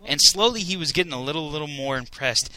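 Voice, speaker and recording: A young man in casual chat, telling stories excitedly and laughing often. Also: on the high side, fast talker, rough recording.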